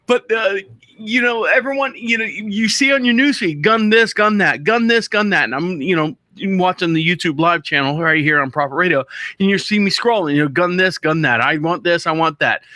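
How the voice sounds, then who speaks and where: Male talk-show host, bright tense voice, rambling self-interrupting monologue. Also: sits high, dry recording. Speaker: podcast host. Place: radio studio.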